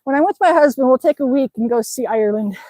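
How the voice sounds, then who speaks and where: A chatty woman with a high, bright voice streams live from outside in the snow, reading viewers' comments aloud and laughing often. She sounds a little winded from exercise, and the sound is close and dry. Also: expressive, fast talker, no echo, poor audio. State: slightly out of breath from exercising outdoors. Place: outdoors in the snow.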